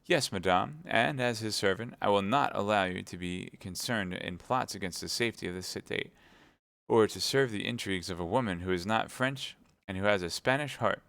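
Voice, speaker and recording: A man's voice: on the low side, normal speed, creaky, a bit bright, no echo, studio quality. A man reading aloud, playing a cowardly, greedy fifty-year-old merchant who talks pompously.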